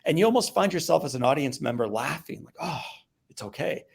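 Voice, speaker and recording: A middle-aged man from the Midwest, a motivational speaker and podcast guest, telling a personal story in an animated way, hushing low and then getting loud. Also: brisk, vocal fry, slightly rough. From American Midwest. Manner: animated storyteller, acts out voices and swings from hushed to loud.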